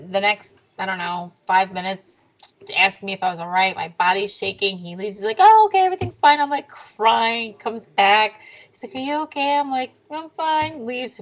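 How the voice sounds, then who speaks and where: A young woman telling a story in a casual vlog to camera, animated and swearing freely, sometimes dropping to a whisper. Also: mid-range voice, poor audio. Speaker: diet vlogger.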